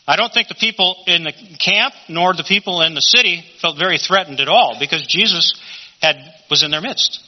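A man teaching a Bible study in a conversational sermon style, often asking rhetorical questions. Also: a little high. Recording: dull lo-fi recording.

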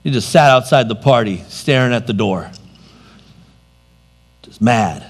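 A man preaching a sermon, expressive, moving between loud emphasis and quiet, dropped asides. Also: medium pitch, unhurried, creaky.

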